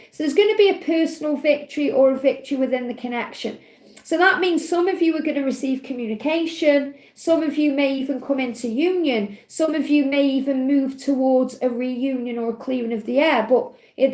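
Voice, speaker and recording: Woman, tarot reader, high voice, echoey room. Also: darkish tone. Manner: earnest, emotional, repeats "you know" and "okay". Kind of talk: live-streamed spiritual card reading.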